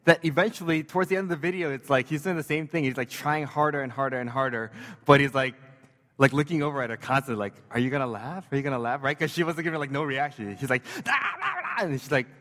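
A man's voice: a little high, fast talker, a bit bright, long reverb tail. A man preaching a sermon as pastor, conversational and joking, with casual fillers and asides.

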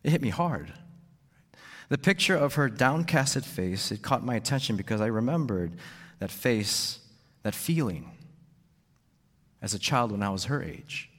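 Male pastor giving a sermon, middle-pitched, long church reverb, repeats himself and asks "right?". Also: animated, unhurried, long pauses, a bit bright. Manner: repeats words and adds "right?" to sentences.

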